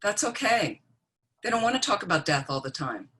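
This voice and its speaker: A woman's voice: medium pitch, very animated, moderate pace, a bit bright, a little hiss or hum. A woman, a Buddhist nun, giving a plain-spoken teaching talk on death and dying, often checking in with her listeners.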